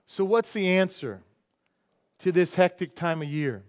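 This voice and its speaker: High-voiced male pastor preaching. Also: animated, unhurried. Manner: chatty, asks the crowd "how many know", preaches then prays softly. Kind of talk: sermon. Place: church service.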